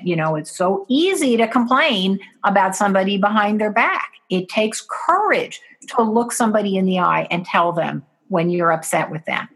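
A woman's voice: medium pitch, lively intonation, normal speed, hardly any pauses, a bit bright. A woman guest in an interview, earnestly explaining parenting steps and acting out what parents and children say.

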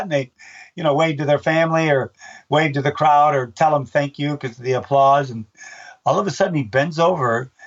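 Animated older man telling stories. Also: fairly high pitch, distant mic, muffled recording. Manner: animated storyteller, acts out his own shouts. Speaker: race announcer and book author. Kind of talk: casual interview chat.

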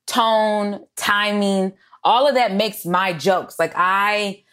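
A woman comedian from Los Angeles, telling stories in a casual interview, animated, swearing freely and acting out quoted lines. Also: medium pitch, slow, clean tone. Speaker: comedian and writer, guest.

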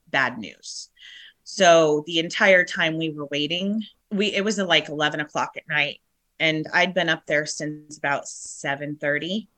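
A middle-aged woman, shaken, telling a painful personal story in a halting way with many restarts. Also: low-pitched, pushed and bright. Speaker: guest.

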